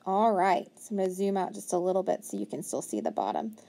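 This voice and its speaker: A woman teaching a phonics lesson to young children, patient and encouraging, sounding out letters slowly. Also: on the low side, sing-song, dark tone.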